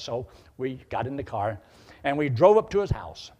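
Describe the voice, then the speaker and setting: A man's voice: mid-range voice, moderate pace. A male preacher telling a personal story in a sermon, acting out the dialogue as he goes. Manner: animated, acts out dialogue.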